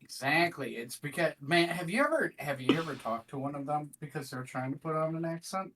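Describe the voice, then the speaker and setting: Higher-voiced playful male player. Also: expressive, fairly quick, fairly bright tone, poor audio. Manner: playful, joking. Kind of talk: casual chat among players.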